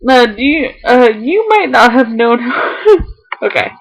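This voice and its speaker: A woman's voice: a little high, expressive, a little slow, creaky, very noisy. A young woman on a casual vlog, reading a heartfelt letter aloud to her viewers, tearful and fighting back tears, laughing now and then between lines.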